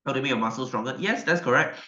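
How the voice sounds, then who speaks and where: A man's voice: medium pitch, lively intonation, racing, sharp tone. A male science teacher, giving a chatty online class lecture and repeating his questions to the class. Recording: dull, roomy echo.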